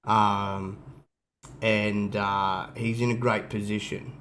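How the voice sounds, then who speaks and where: A man's voice: on the low side, flat delivery, slow pace, a bit bright, a little hiss or hum, low-quality recording. A man co-hosting a wrestling podcast, talking casually with lots of fillers and restarts. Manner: rambling, frequent fillers and restarts. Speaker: podcast co-host.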